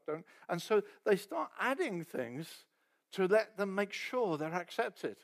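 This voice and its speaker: A man's voice: sits high, big pitch swings, slow. Man preaching a sermon in storytelling style. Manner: conversational storytelling, acting out quoted voices, often dropping to a soft aside.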